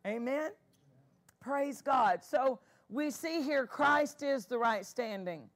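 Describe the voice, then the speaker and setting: A woman's voice: high voice, lively intonation, takes it slowly. A woman pastor preaching a sermon, emphatic and repeating key phrases, asking the congregation for amens.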